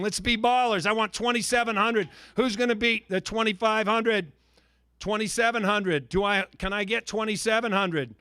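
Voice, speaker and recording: A man working as a charity auctioneer, calling bids in lively patter and teasing bidders by name with jokes. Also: sits high, no room sound.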